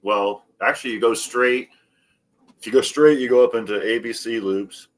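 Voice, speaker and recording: A co-host with a medium-pitched voice speaks at normal speed while swapping casual stories in a chat. Swearing freely, he animates each tale by raising his voice to mimic the people he quotes.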